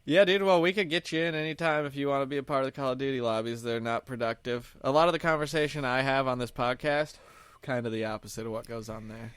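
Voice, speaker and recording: Young male podcast host, bright dry voice, loose rambling chat with frequent laughs. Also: medium pitch, fast talker, clear, resonant tone, no room sound. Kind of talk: casual chat.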